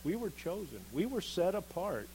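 Animated male preacher, faint hum. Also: sits high, moderate pace, rough recording. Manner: animated, acts out quoted voices of Jeremiah and God. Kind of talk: sermon, reading scripture with commentary.

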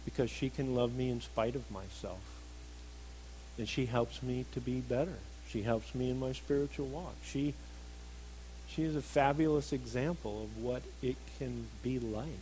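A middle-aged man preaching a sermon, earnest, moving between emphatic stresses and soft, reflective passages. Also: medium pitch, normal speed, slight background noise, rough recording.

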